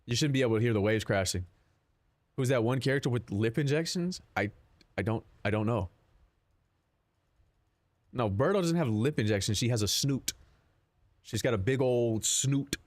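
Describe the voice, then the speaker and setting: A man's voice: medium pitch, moderate pace, pauses often, no echo. A young man streaming live, chatting casually with his viewers in a rambling, profane, joking way. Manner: rambling, profane, jokey, answers chat.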